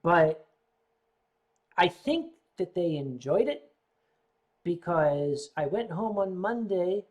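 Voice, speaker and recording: An older man from the United States hosting a casual livestream, rambling, reading viewer comments, often clearing his throat between sips. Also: sits high, animated, slow, pauses often. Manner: sipping drinks while chatting. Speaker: livestream host.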